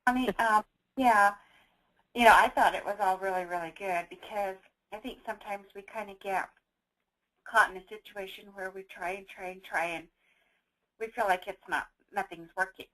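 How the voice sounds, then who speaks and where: A woman's voice: mid-range voice, steady tone, moderate pace, fairly bright tone, poor audio. Rambling, chatty woman on a call. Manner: chatty, rambling with many fillers. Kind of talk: conference call discussion.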